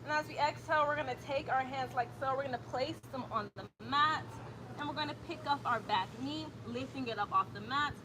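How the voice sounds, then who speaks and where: A woman guiding a yoga stretch routine with steady breathing cues and casual asides. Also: high voice, a little fast, noisy background. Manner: calm breath cues, chatty when reading comments. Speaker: yoga instructor. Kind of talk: guided yoga instruction.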